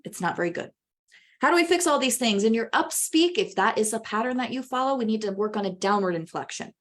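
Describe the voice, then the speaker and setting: A woman presenting a webinar on public speaking, talking in an animated way and swinging her pitch widely for emphasis. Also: a little fast.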